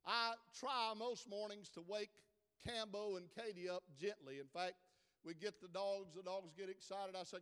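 A man preaching a sermon, swelling to dramatic loud peaks. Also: sits high, normal speed, smooth, long reverb tail. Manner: preaching with dramatic rises in volume.

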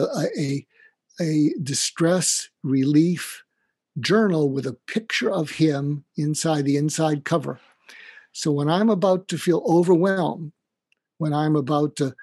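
A man's voice: on the high side, a little mellow, breathy edge, dry recording. A man, a doctor and author, speaking earnestly in an interview, often stumbling and restarting. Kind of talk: casual interview talk.

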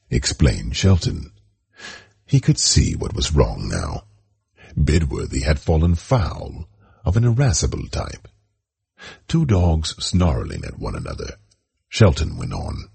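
A man narrates a story in a measured, expressive reading. His voice is extremely low and gravelly, with lively pitch movement. He reads slowly with a dark tone. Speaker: audiobook narrator.

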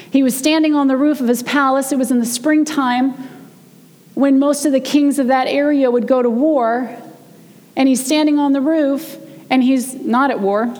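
A woman's voice: high-pitched, darkish tone. Woman preaching in a reverberant church. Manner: conversational storytelling, slows down for emphasis. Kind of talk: sermon. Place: church sanctuary.

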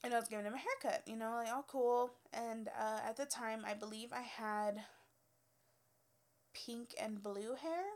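A woman's voice: a little high, fairly even intonation, moderate pace. A young adult woman telling stories from her work as a cosmetology student, blunt and profane, with many filler words. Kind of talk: casual storytelling.

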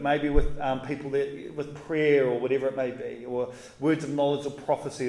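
A man preaching a casual, conversational sermon in relaxed, slangy talk with animated asides. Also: a little high, normal speed. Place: church. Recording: roomy echoey hall.

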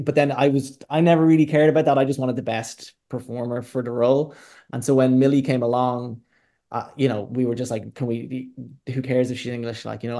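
A man with a slightly gravelly, mid-pitched voice talks as an interview guest. He is candid and reflective, and his thoughts wander loosely as he explains how he works. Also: dark tone. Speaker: film director, guest. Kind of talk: casual interview talk.

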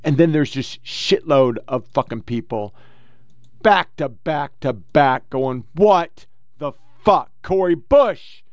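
A man hosting a political podcast. He reads quotes quickly in a mocking tone and swears and heckles between them. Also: fairly high pitch, expressive, dry recording, highs cut off. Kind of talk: profane political commentary reading quotes.

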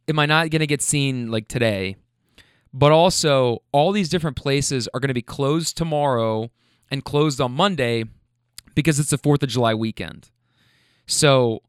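A man's voice: on the high side, a bit bright, clear, resonant tone, no echo, clean studio sound. A young man ranting in a profane, self-deprecating casual monologue. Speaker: storyteller.

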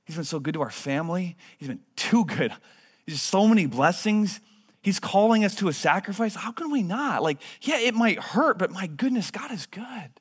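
A man in his thirties preaching a sermon in a church, earnest, moving between hushed and emphatic delivery. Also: high voice, expressive, normal speed, slightly rough. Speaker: pastor. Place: church sanctuary. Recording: long hall reverb.

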